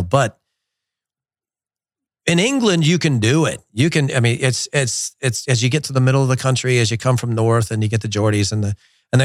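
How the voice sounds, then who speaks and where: A middle-aged man hosting a soccer show in a studio, talking in an animated, digressive and blunt way. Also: medium pitch, dry recording. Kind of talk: casual opinionated talk. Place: glass-walled studio in a resort. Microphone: studio mic.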